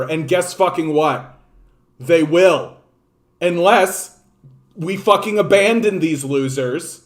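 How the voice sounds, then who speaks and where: A man with a fairly high voice rants about politics, swearing freely and sounding thoroughly exasperated. He sneers and scolds his listeners. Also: unhurried. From Canada. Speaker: political commentator. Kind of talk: angry political rant.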